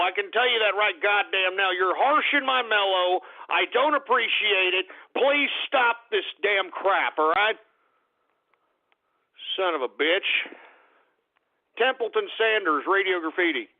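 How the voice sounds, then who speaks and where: A man's voice: sits high, lively intonation, measured pace. A man hosting a call-in radio show, ranting profanely and sounding exasperated at callers. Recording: tinny phone-line quality.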